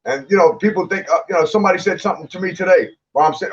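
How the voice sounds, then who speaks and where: High-voiced blunt, profane man. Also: very fast, hardly any pauses, highs cut off. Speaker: guest, clothing designer. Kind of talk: casual chat.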